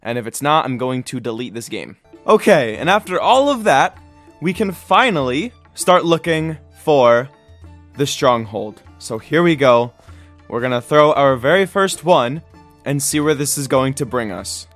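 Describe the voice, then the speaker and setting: A man's voice: medium pitch, expressive, measured pace, a bit bright, soft background music. A young man giving casual, upbeat let's-play commentary on his game, with dramatic reactions. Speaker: gaming YouTuber.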